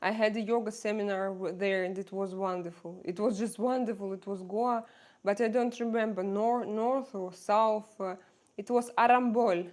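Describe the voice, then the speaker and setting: A middle-aged woman from Russia with a Russian accent, chatting casually to viewers in a halting way with many fillers and restarts. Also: medium pitch, fairly even intonation, darkish tone. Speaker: channel host answering viewer questions. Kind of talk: casual livestream chat.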